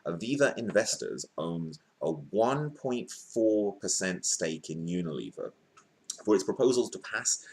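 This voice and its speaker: Low husky man reading news. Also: darkish tone. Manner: reads headlines then riffs off-script with fillers and restarts. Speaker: news show host. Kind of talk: reading news with comedic asides.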